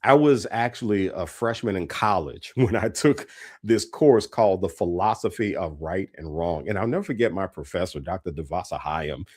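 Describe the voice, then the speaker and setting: A man giving a leadership keynote as a story, animated and repeating words for emphasis. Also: low voice, normal speed, breathy edge. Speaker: keynote speaker.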